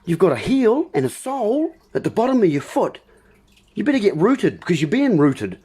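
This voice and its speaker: Speaking at normal speed, this man's voice sits high with huge pitch swings, mellow and slightly breathy. He's hosting a livestream, drifting through a rambling monologue full of wordplay and addressing his audience as folks.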